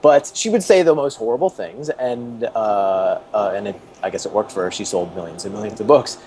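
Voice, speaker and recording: A man's voice: fairly low pitch, brisk, darkish tone, slight background noise. A man in his thirties, an interview guest and former TV producer, telling stories casually with many restarts and chuckles.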